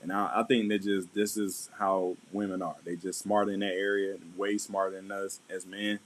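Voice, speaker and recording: Speaking at a normal speed, this middle-aged vlogger offers relaxed marriage advice and keeps asking "right?". His low voice is delivered flatly, and the audio quality is rough.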